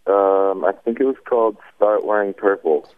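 A man's voice: fairly low pitch, normal speed, no echo. A teenage male caller giving brief, laid-back replies over the phone. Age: teens. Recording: tinny phone line.

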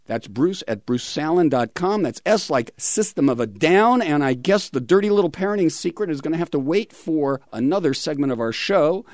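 A man's voice: on the high side, dry recording, studio quality. A middle-aged man hosting a radio talk show, chatting in a rambling way with many fillers.

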